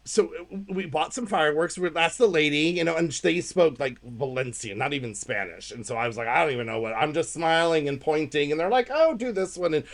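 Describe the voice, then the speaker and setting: An American woman co-hosting a podcast, telling a story in casual chat with animated delivery and playful sound effects. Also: sits low, a little fast, few pauses. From United States. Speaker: podcast co-host.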